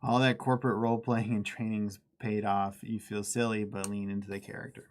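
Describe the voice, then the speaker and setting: On a live miniature-painting stream, a man with a lowish voice talks a little fast in a flat delivery. He keeps up a casual, chatty banter, poking fun at himself and laughing readily while he paints.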